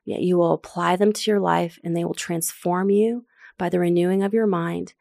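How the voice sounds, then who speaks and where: A woman's voice: on the low side, steady tone, moderate pace, vocal fry, dark tone, no echo, studio quality. A woman preaching a sermon to her church, earnest and emphatic, repeating phrases for stress. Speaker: pastor.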